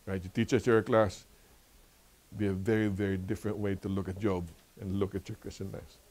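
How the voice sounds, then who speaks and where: An older man with a Filipino accent leading a church Bible lesson, telling stories with lively, preacherly repetition. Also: deep voice, brisk. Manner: animated storytelling, laughs often. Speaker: Bible study teacher.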